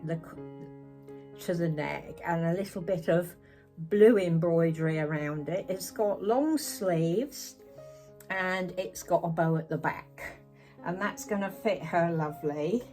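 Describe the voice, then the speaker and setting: A woman's voice: medium pitch, a little mellow, low-quality recording. A woman vlogging at home as a doll collector, talking to camera in a chatty, fussing, motherly way. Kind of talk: casual chat to camera. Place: home room.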